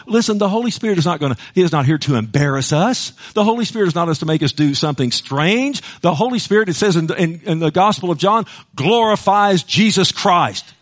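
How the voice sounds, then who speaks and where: A middle-aged man preaching a passionate sermon, swinging between hushed, intimate moments and loud, rousing ones. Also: high-pitched, lively intonation, a little fast, few pauses. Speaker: pastor.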